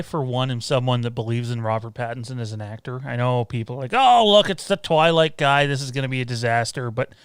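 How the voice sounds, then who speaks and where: A man's voice: medium pitch, a bit bright, clear, resonant tone, no room sound, clean studio sound. A man hosting a podcast panel, leading the talk and putting questions to the others. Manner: leads the discussion, asks questions. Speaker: podcast host. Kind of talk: casual panel chat.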